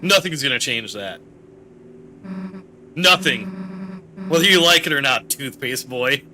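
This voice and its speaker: A man's voice: mid-range voice, expressive, unhurried, bright, forceful tone, a little hiss or hum. Man reading as a blunt, brash monster girl. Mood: gruff, reassuring. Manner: blunt, confrontational. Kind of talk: reading game dialogue aloud.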